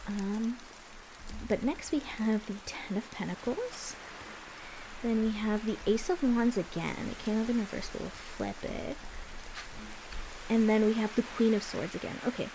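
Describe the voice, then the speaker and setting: A woman's voice: medium pitch, mellow, slight background noise, low-quality recording. A young woman giving a casual tarot reading, explaining the cards in a chatty way. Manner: chatty, explaining as she goes. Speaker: tarot reader.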